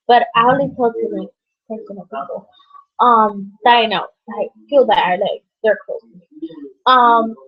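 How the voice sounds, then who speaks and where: A young woman vlogging about her life and her book in a halting, rambling way, full of fillers and restarts. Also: fairly high pitch, slightly rough. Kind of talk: rambling personal vlog. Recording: dull lo-fi audio.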